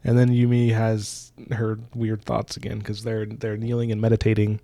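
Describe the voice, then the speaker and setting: Gravelly man retelling a story. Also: on the low side, monotone, normal speed, dark tone. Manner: retells the plot, acting out quotes. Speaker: book podcast co-host. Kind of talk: casual chat.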